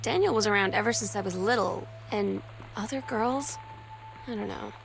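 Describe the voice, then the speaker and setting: Game journal narration: actress as a wistful teen girl, confiding, gravelly edges, music behind. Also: mid-range voice, moderate pace, lightly acted. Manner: soft, reflective, confiding. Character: teenage girl recalling a new friend, wistful.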